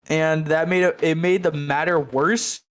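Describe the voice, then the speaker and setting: A young man co-hosting a casual podcast, telling an animated, jokey story full of slang. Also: a little high. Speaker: podcast co-host. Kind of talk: casual chat.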